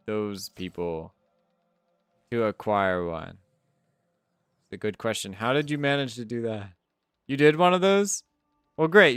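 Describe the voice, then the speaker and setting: Male streamer, casual and profane, easily sidetracked, animated delivery, clean resonant voice. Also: mid-range voice, clear, resonant tone, no echo. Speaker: live streamer answering chat. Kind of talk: casual live-stream chat.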